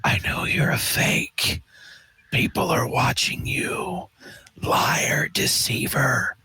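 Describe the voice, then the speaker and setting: A menacing voice that hisses in a slow, hushed whisper, whispered role-play, as a man puts it on. Every word is breathy and unvoiced, spoken close and dry. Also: no room sound. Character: menacing whispering male voice from nowhere.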